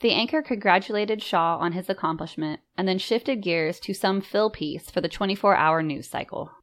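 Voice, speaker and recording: A woman reading a story aloud in measured, composed first-person narration. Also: mid-range voice, fairly bright tone. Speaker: audiobook narrator.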